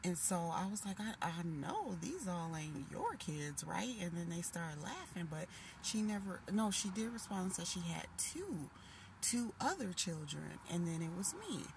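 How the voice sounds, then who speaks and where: A woman in her late thirties telling a long dream story in a casual, animated way, full of restarts. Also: fairly low pitch, measured pace, vocal fry. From Minnesota. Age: 30s. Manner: animated, emotional retelling with restarts. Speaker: vlogger. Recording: noisy background hiss.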